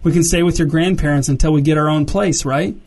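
A man's voice: a little high, steady tone, darkish tone. A man reading as an eager scheming teen girl. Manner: rapid, enthusiastic planning.

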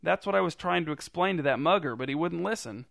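A man's voice: a little high, expressive, fast, gravelly, fairly bright tone, dry recording, studio quality. Man voicing a polite, apologetic woman. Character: flustered, gentle woman walking her dog.

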